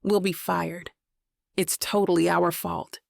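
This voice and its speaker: A woman's voice: fairly low pitch, little pitch movement, slow pace, creaky, dry recording, clean studio sound, heavily acted. A woman voicing an anxious young event planner who pleads and apologizes. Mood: pleading.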